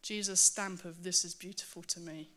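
A woman preaching a sermon to her church, earnest and animated, with self-mocking asides. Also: lowish voice, normal speed.

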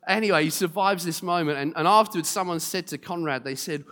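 A man preaching a sermon, telling stories lively and speaking straight to the congregation. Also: on the high side, fairly quick, long reverb tail. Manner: lively storyteller, acting out quotes, direct to congregation. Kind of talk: storytelling sermon.

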